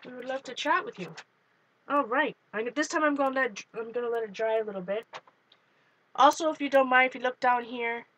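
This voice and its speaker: A woman's voice: on the high side, fairly bright tone, poor audio. A woman hosting a live art journaling stream, chatting casually and greeting viewers by name while she works. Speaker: art journaling livestream host.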